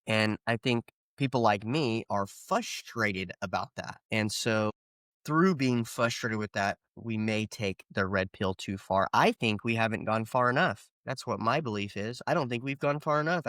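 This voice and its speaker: A man's voice: medium pitch, normal speed, fairly bright tone, no echo. A man hosting a solo podcast, ranting with rhetorical questions and sarcastic asides. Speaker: podcast host.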